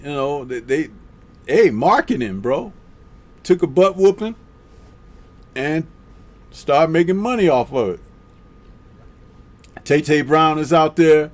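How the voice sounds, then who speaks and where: A man hosts a live boxing talk stream in a slow, unhurried drawl. He reads out viewer comments one by one and answers them with easygoing, chuckling asides. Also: on the high side, animated. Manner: laid-back, drawn-out, chuckling asides.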